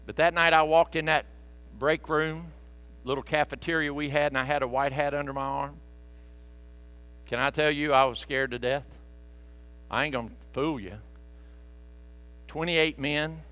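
A man preaching a sermon, folksy and animated, with joking asides to the congregation. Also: mid-range voice. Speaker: pastor.

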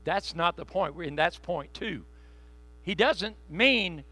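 A man preaching a sermon in a conversational, joking way, slowing down to stress key phrases. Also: sits high, expressive, pushed and bright. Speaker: pastor.

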